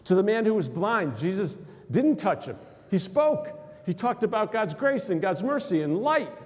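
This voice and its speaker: A man's voice: sits high, sing-song, normal speed, darkish tone. A man preaching a sermon as pastor, asking questions of the congregation and acting out quotes. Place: church sanctuary. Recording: long hall reverb.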